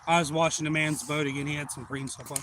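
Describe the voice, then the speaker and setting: A man, rambling through excitable anecdotes on a casual live stream. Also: a little high, quick pace, slight background noise. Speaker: livestream host. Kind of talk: casual storytelling.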